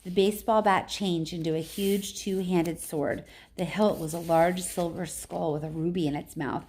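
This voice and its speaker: A woman reads a novel aloud in a casual teacher's manner, with chatty asides. Her voice sits on the lower side. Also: fairly even intonation, moderate pace, a little mellow.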